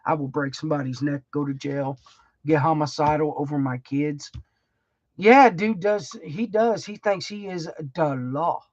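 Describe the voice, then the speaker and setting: A middle-aged woman hosts her own livestream, chatting in a rambling, emotional, folksy way and laughing often. Her voice is low, measured, and a little mellow, and the recording is dry and muffled.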